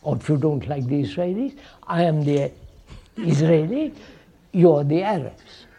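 Addressing an audience in a reflective public talk, a man asks questions, repeats phrases and frequently adds "right?" His voice sits on the high side and is expressive, warm and husky, at a measured pace.

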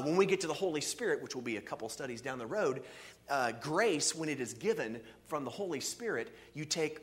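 Animated man preaching a sermon. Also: mid-range voice. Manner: animated, conversational preaching with frequent "see" and "okay". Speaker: pastor.

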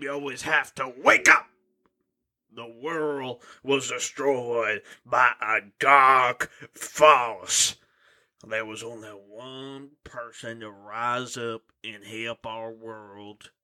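Male reader playing a grandiose vampire lord father, overblown comic delivery, slow. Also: medium pitch, pushed and bright, voice pushed down. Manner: overblown, theatrical, laughing through lines.

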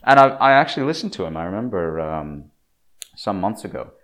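A man with a deep, low-pitched voice talks at length in an opinionated monologue. His delivery is emphatic and preachy. He often stumbles, restarts and repeats words as he pushes his point. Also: very animated, fairly quick, fairly bright tone.

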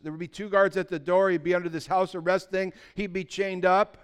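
A male pastor preaching with a smooth, resonant voice that sits a little high for a man. He drops into hushed asides, then builds to excited shouts. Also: moderate pace, hardly any pauses. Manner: animated, swings from quiet asides to excited shouting. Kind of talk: sermon. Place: church sanctuary with congregation.

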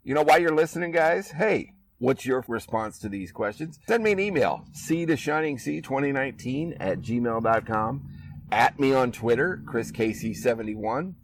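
A man's voice: medium pitch, animated, moderate pace, distant mic, a little hiss or hum, rough recording. A man from Iowa hosting a podcast, chatting casually and laughing easily, recorded outdoors in a backyard. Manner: laid-back, laughing, chatty. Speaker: podcast host. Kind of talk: casual chat.

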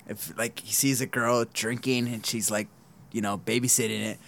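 A man's voice: mid-range voice, fairly even intonation, moderate pace, creaky, a bit bright, slight background noise. A man co-hosting a podcast, rambling and laughing in casual chat. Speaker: podcast co-host.

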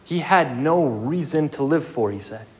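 A man's voice: on the high side, expressive, measured pace. A young man preaching a sermon, earnest and emphatic, with casual asides.

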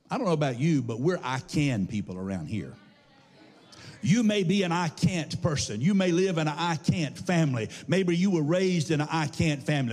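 A man preaching a lively call-and-response sermon that rises into sung shouts, recorded in a large church hall. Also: on the high side, normal speed. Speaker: pastor. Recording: husky voice, long hall reverb.

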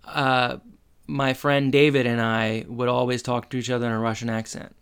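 A podcast co-host walking through a sitcom episode in relaxed chat. The voice is smooth and resonant at a middle pitch. They slip into characters' lines now and then while retelling scenes. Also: normal speed. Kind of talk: casual TV-episode recap chat.

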